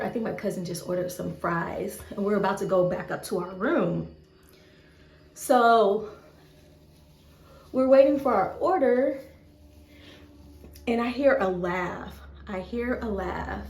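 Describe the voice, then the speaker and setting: A woman vlogger telling a casual story, animated, acting out the people she quotes with gasps. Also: medium pitch, echoey room. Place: indoors, bathroom during hair care.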